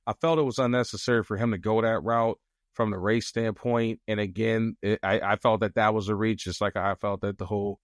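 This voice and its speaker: A man with a fairly low voice talks through his opinion as a podcast co-host. He speaks in a measured, reflective way and often pauses to find his words. The recording is dry and close. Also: steady tone, no room sound. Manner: measured, reflective, with frequent hesitations. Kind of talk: casual chat.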